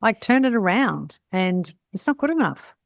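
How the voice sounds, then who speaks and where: A woman's voice: mid-range voice, very animated, moderate pace, vocal fry, dry recording. A middle-aged woman, coaching salon owners in a blunt, chatty way and often tagging her points with "right?". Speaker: salon business mentor. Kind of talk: casual coaching talk.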